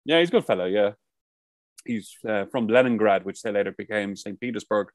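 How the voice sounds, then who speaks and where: A man's voice: on the low side, a little fast, no echo. Rambling, swearing man telling stories. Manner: rambling storyteller, swears a lot. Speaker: podcast co-host. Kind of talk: casual chat. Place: outdoors by the coast.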